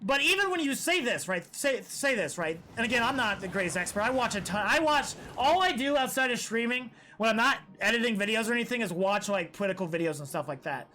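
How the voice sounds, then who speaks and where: A man's voice: very high voice, animated, fast talker, hardly any pauses, bright, forceful tone, slight background noise. A man streaming live, rambling through opinions in casual, profane chat.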